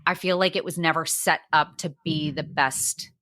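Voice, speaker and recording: A woman's voice: low-pitched, fairly even intonation, moderate pace, sharp tone. A woman in her thirties hosting a podcast, chatting casually and telling stories with quoted voices and frequent laughter. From New Jersey, US. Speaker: podcast host.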